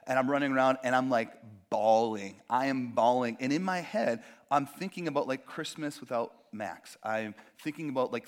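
A man giving a sermon in a loose, conversational way, with a slightly high voice that swings widely as he acts out quotes and cracks jokes. He sounds animated and expressive, like he's talking with the room rather than at it. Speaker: pastor.

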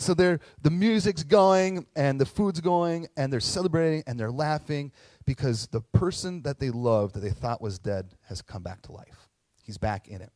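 A man preaching in a casual, animated way, often checking in with tag questions. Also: medium pitch, dry recording. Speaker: pastor. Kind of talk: conversational sermon.

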